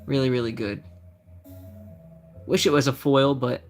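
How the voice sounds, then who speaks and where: A man's voice: mid-range voice, steady tone, a little slow. A young man chatting casually on a live stream, reading out card names as he opens packs and answering his chat. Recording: faint music behind the voice.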